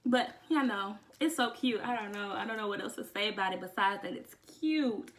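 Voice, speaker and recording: A young woman vlogging, talking casually and sassily to her viewers, calling them honey and getting excited almost to tears. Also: medium pitch, moderate pace. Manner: sassy and chatty, says honey a lot; emotional, close to tears with excitement. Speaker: beauty vlogger. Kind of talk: casual chat to camera.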